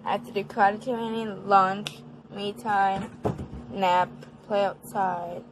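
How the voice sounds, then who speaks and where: A woman's voice: medium pitch, level tone, slow, background noise. A woman talking casually in a home vlog, counting her exercises aloud and chatting to her dogs. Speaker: vlogger.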